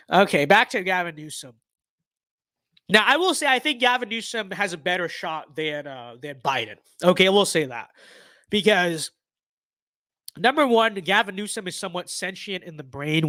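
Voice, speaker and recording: Blunt young man, stuffy nose, high voice. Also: pushed and bright, no room sound. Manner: blunt, sarcastic, rambling. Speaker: political commentator. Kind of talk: casual political commentary livestream.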